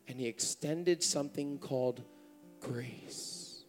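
A man's voice: mid-range voice, unhurried, pauses often, soft background music. A young man preaching a sermon at a church service, with impassioned, rising emotional appeals.

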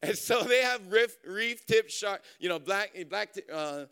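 A man from Hawaii, preaching through a lively personal story with many fillers. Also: high-pitched, unhurried, clean tone. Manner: animated, chatty, many fillers and restarts. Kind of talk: storytelling sermon.

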